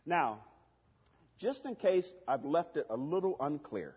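Animated high-voiced preacher. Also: male voice, measured pace, breathy edge. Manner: animated, swings from shouting to hushed, laughs at his own lines. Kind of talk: sermon. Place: church. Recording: long hall reverb, dull lo-fi sound.

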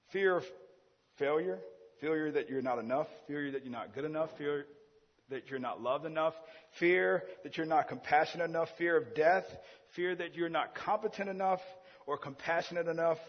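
A man preaching a sermon in a church, earnest and driving his point with repeated rhetorical questions. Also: a little high. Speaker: pastor. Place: church sanctuary. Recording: dull, echoey church hall sound.

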